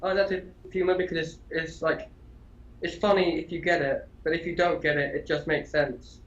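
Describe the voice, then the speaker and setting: Rambling high-voiced man on a dull mic. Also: steady tone, fairly quick, fairly bright tone. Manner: rambling, many restarts, casual swearing. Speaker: podcast co-host. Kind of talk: casual gaming chat.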